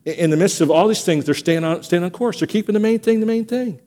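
Lively pastor man preaching. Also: high-pitched, fast. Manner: animated storytelling, acts out quotes. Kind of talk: sermon. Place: church sanctuary.

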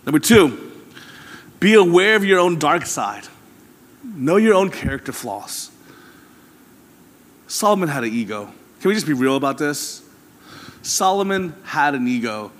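A man's voice: on the high side, sing-song, measured pace, pauses often, big-room sound. A man preaching a sermon as pastor, talking candidly and conversationally to his congregation with rising emphasis.

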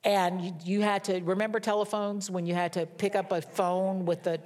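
A woman's voice: mid-range voice, level tone, moderate pace, a little mellow. A middle-aged woman preaching a sermon, telling a personal story in a candid, self-mocking way. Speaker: pastor.

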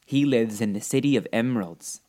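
A man voicing a small, kind old woman who is a good witch, speaking calmly and reassuringly in a storybook reading. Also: medium pitch, brisk, close to an everyday voice. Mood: kindly. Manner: calm, gently reassuring.

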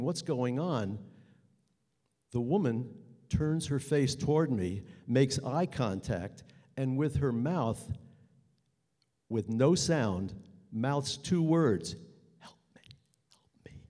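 A man telling a personal story live onstage at a story slam, earnest, with halting pauses that build tension. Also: mid-range voice, expressive, mellow, big-room sound. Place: theater stage.

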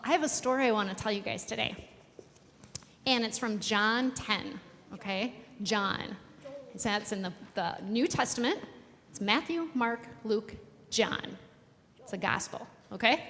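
A woman pastor giving a children's sermon in a church sanctuary, animated and playful with the kids. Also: fairly high pitch. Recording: long church hall reverb, faint hum.

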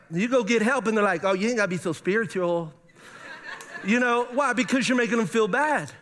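A pastor delivers a lively sermon in a high, ringing voice. He keeps turning to his congregation with questions and talks with animated energy. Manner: animated preaching, asks the audience questions.

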